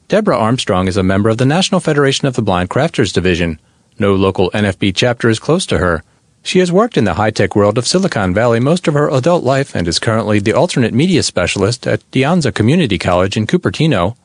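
A man reading a first-person story aloud for a radio-style podcast, in an expressive manner. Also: mid-range voice, no room sound, clean studio sound. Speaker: narrator reading a member's story. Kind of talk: read-aloud narration.

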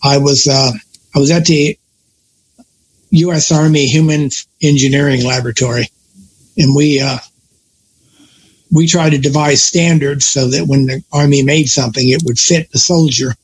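A man's voice: medium pitch, fairly even intonation, normal speed, long pauses, slight background noise, poor audio. An older man telling long stories from his working life in a casual conversation, often stopping to correct himself. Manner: rambling storyteller, self-correcting. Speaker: guest.

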